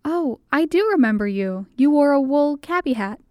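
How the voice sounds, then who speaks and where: Woman doing a proper church lady, reserved but pleased, brighter and higher than the narration. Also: expressive, normal speed, dry recording, studio quality. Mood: delighted, proper.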